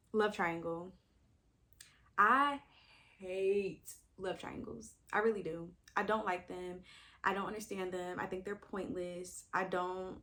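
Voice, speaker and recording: A woman's voice: medium pitch, bright, forceful tone. A young woman, talking casually to the camera as a book vlogger, thinking aloud with sudden exclamations. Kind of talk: casual chat.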